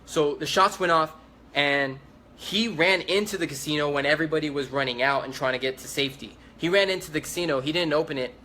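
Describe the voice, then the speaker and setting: A man's voice: fairly high pitch, a little fast, pushed and bright, slight background noise. A young man giving a first-hand eyewitness account, urgent and repetitive, with many restarts.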